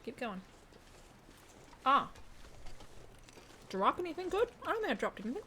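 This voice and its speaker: A woman's voice: sits high, very animated, moderate pace, sharp tone, a little hiss or hum. A woman streaming a game from home, chatting casually and joking, sometimes talking with her mouth full. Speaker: live streamer. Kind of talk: casual live-stream chat while gaming.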